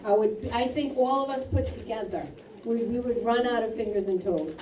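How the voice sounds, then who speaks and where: A woman speaking at a school library ceremony, telling a lively anecdote and acting out the quoted dialogue. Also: fairly high pitch, normal speed. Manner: storytelling, acts out quoted dialogue. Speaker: school staff hosting a ceremony. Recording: echoey room from far off, faint noise.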